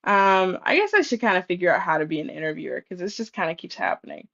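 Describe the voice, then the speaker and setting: A woman co-hosting a casual chat, speaking earnestly with halting pauses. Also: on the low side, lively intonation, fairly bright tone, no room sound, highs cut off. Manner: earnest, halting, with many ums and restarts. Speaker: podcast co-host.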